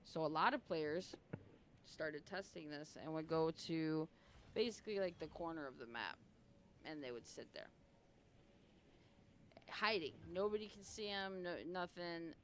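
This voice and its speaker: Low-voiced woman rambling through a story. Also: expressive, unhurried, long pauses, fairly bright tone, slight background noise. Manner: rambling, full of "like" and frequent swearing; retells chats by voicing both sides. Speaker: game streamer. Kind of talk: casual storytelling to a stream audience.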